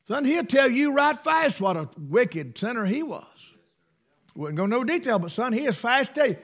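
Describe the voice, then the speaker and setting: A middle-aged man preaching a sermon, fervent, swinging between loud bursts and hushed asides. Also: extremely high pitch, very animated, normal speed.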